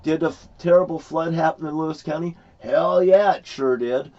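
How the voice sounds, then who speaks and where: A man's voice: on the high side, normal speed, dark tone. A man ranting in a rambling, profane, angry way about his experiences. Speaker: vlogger. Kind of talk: rambling personal rant. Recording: dull lo-fi recording.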